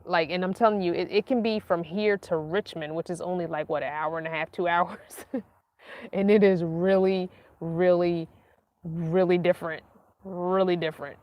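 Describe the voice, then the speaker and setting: Woman from Northern Virginia, casual livestream chat, animated and laughing, somewhat low voice. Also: highs cut off. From Northern Virginia, USA. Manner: chatty and animated, laughs often, drawn-out emphasis. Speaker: vlogger hosting a live chat. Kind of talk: casual livestream chat, reading viewer comments.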